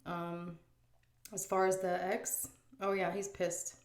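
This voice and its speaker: A woman's voice: lowish voice, level tone, slow, reverberant. A woman vlogger chatting frankly while she eats, reading out viewer questions and answering them. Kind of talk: casual chat while eating.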